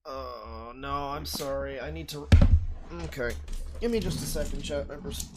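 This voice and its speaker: A man's voice: medium pitch, moderate pace, loud music behind the voice. A man streaming from a home setup with a desk microphone, reacting to videos with exasperated, sweary ranting. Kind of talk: live-stream reaction commentary.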